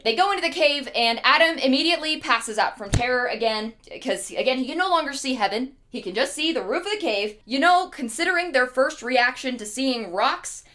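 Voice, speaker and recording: A woman's voice: high-pitched, lively intonation, normal speed, few pauses, a bit bright. A woman streamer retelling an old story in a casual, slangy, comedic way.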